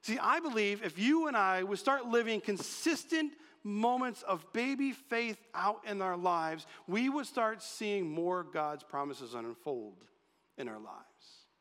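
A man preaching a sermon, animated and acting out quotes in changing voices. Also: high voice, measured pace. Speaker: pastor. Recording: long reverb of a large hall.

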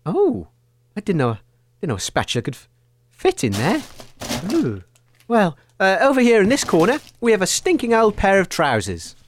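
A woman's voice: medium pitch, normal speed. A woman voicing a flustered, chatty radio show host in a comedy audio sketch, hesitant and full of fillers. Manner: hesitant, excitable, lots of fillers.

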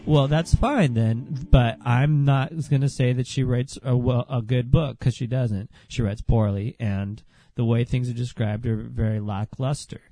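Guy ranting on his podcast, kinda sick, mellow voice, sarcastic, soft guitar behind. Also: medium pitch, fairly even intonation, unhurried, no echo. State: under the weather, a bit sick. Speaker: podcast host. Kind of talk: solo podcast rant.

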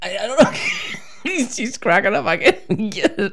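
A man's voice: very high-pitched, wildly swooping pitch, unhurried, vocal fry, a bit bright, slightly rough. A man co-hosting a casual podcast, joking, swearing and teasing his co-host. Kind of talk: casual banter.

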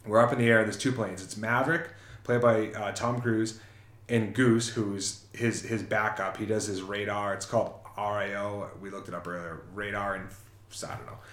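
A man's voice: on the low side, steady tone, moderate pace, fairly bright tone, reverberant. A man casually retelling a film's plot in a rambling, self-correcting way on a chat show. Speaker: podcast co-host. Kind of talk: casual movie recap chat.

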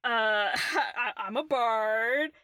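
A woman putting on a squeaky drunk bard guy. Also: drawn-out words, pushed and bright, no room sound, clean studio sound, heavily acted. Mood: tipsy boasting. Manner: tipsy, stammering, boastful. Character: lanky drunk male human bard, bumbling and cheerful.

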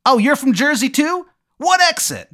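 A man doing the Jersey Devil, brash and shrill. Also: animated, normal speed, pushed and bright, heavily acted. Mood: chummy. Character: Jersey Devil, horse-faced winged male monster, brash.

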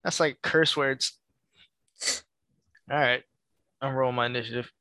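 A man's voice: medium pitch, fairly even intonation, measured pace, pushed and bright, no room sound. A man playing a tabletop game, describing his character's actions in a joking way. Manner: joking, laughs often. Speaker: player.

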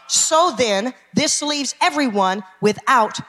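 A woman's voice: sits high, lively intonation, slow, background noise. A woman pastor, preaching an emphatic sermon and calling out to her congregation. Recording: long hall reverb.

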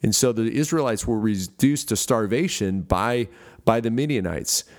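A man's voice: on the low side, moderate pace. A middle-aged man from the United States preaching a sermon as pastor, earnest, with frequent fillers and restarts. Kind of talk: podcast sermon.

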